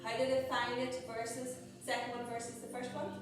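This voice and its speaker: A woman yoga teacher leads a live group class in an exercise studio, calling out poses and breaths with encouragement. Her voice is a little high and brisk, though her delivery stays completely flat. The room echoes, she's far from the mic, and there's background noise.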